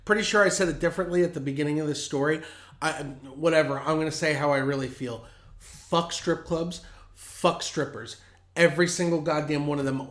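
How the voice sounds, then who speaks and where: Profane, heated storyteller man. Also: fairly high pitch. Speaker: podcast host. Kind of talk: casual storytelling. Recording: roomy echo.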